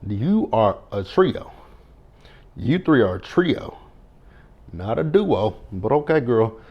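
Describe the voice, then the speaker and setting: A man's voice: medium pitch, sing-song, slow, husky, highs cut off. A man in his thirties giving a casual reality TV recap, blunt and profane, speaking straight to the cast members and stressing his words. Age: 30s.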